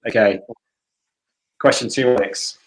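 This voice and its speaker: A man runs through quiz answers in a casual, friendly way. His pitch sits at a middling level for a man. He talks in a chatty way, with a few hesitations along the way. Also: steady tone, a little slow, rough recording. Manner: easygoing, chatty, slightly hesitant. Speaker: quiz host. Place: home, livestream for a church quiz.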